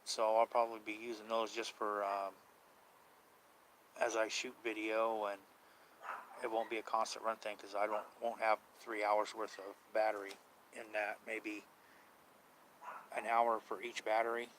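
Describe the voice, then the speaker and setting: A man's voice: on the low side, flat delivery, a little slow, pauses often, fairly bright tone, a little hiss or hum, low-quality recording. A man chatting casually on a live stream about paranormal outings, rambling, unsure and trailing off mid-thought.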